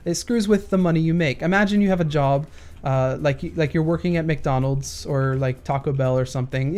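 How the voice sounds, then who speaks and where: A man's voice: fairly high pitch, brisk, darkish tone. A man talking casually in a Q&A rant while playing a shooter game, rambling with many restarts and explaining through analogies. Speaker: gaming YouTuber. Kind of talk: casual Q&A rant over gameplay.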